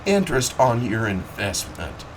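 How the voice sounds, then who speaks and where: A man's voice: fairly low pitch, animated, unhurried, background noise. A man reading aloud, voicing an angry, outspoken man who argues heatedly about railroad rates. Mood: furious. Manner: heated, emphatic.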